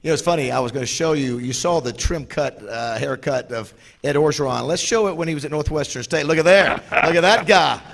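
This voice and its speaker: Fast-talking gravelly male interviewer. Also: a little high, a bit bright. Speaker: club host and interviewer. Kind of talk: interviewing a guest on stage.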